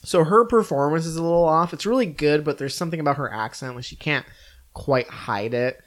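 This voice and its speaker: A man's voice: a little high, a little fast. Casual male podcast co-host, loose and rambling, full of "like" fillers. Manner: relaxed, rambling, many "like" fillers. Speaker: podcast co-host reviewing films. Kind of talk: casual chat.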